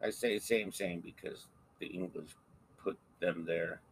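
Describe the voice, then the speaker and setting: A man's voice: sits low, steady tone, unhurried, a little hiss or hum. A man co-hosting a horror podcast, joking in crude, playful banter. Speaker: podcast co-host. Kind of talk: casual chat.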